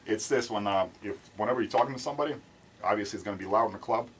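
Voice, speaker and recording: A man attending a seminar, answering a question eagerly with some halting starts. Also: fairly low pitch, a little hiss or hum, rough recording. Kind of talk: answering in class.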